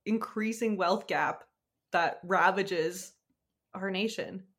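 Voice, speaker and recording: A woman co-hosting a podcast, chatting casually with wry, deadpan sarcasm and frequent laughs. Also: mid-range voice, slow. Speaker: podcast co-host. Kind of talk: casual chat.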